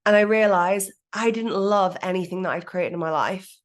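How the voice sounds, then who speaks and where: A woman speaks candidly as a podcast guest. She is frank and lively, drops casual swearing and laughs at herself while telling her story, in an even middle pitch. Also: moderate pace. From Manchester, England. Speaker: business coach guest.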